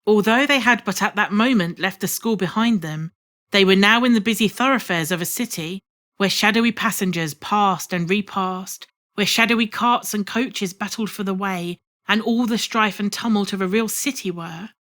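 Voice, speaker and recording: Woman audiobook narrator, measured and expressive classic storytelling. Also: mid-range voice. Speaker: audiobook reader. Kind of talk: scripted narration of a classic novel.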